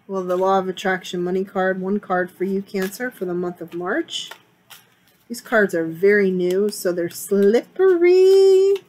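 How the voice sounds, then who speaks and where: A chatty woman at home talks her way through a tarot reading, rambling and circling back on her words. Her pitch sits in a middle range for a woman, and she speaks in a loose, conversational way. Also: a little hiss or hum, rough recording. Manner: chatty, rambling, repeats herself. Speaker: tarot reader. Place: home, sitting on a couch area with a fan on.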